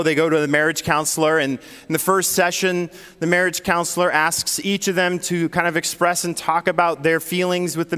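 A man's voice: sits high, a bit bright, clear, resonant tone, big-room sound. A man preaching a sermon as pastor, telling a story in a conversational way. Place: church sanctuary.

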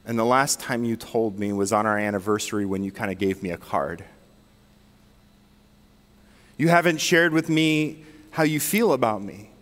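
A man quoting a tearful, hurt wife during a sermon, in a soft, lowered voice. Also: lively intonation, brisk, in a large hall. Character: hurt tearful wife, middle-aged woman.

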